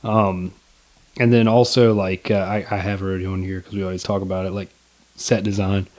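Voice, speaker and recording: A man's voice: low voice, little pitch movement, brisk, a little mellow. A young man co-hosting a casual movie review podcast, laid-back and rambling, with lots of fillers and swearing. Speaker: podcast co-host.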